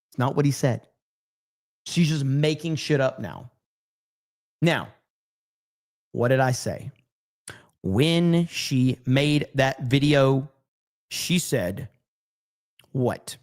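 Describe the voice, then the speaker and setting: A man's voice: fairly high pitch, lively intonation, takes it slowly, long pauses. A man hosting a live stream, giving brash, profane, repetitive commentary. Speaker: streamer host.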